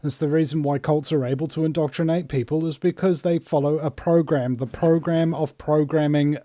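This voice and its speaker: Male host, wry and joking, fairly high pitch, dry close sound. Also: steady tone, normal speed, dark tone, dry recording. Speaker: show host. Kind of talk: casual interview talk.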